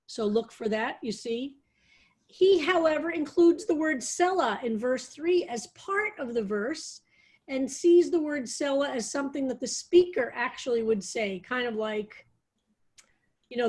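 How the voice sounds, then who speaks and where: A woman rabbi leading an online psalm study, reading verses aloud slowly and explaining them with thoughtful enthusiasm. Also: fairly high pitch, a little mellow. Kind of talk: online text study class.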